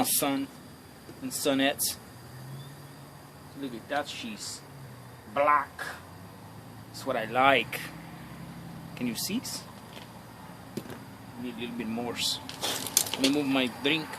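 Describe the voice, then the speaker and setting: A man joking around and talking to himself and his viewers while working by a fire outdoors, filmed on a phone. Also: medium pitch. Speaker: hobby metalworker. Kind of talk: casual self-filmed commentary. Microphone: phone camera. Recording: loud outdoor noise on phone.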